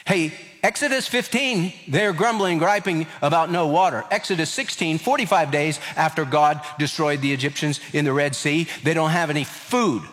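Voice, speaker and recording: Animated male preacher in a reverberant hall. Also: moderate pace, hardly any pauses. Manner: animated, acts out scripture voices with rising pitch. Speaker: pastor. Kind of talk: sermon.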